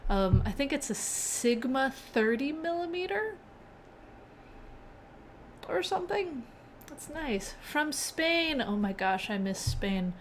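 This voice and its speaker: A woman's voice: high-pitched, sing-song, takes it slowly, a little hiss or hum. A young woman hosting a casual live-coding stream, chatting with viewers and often laughing. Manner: chatty, reads chat aloud, laughs often.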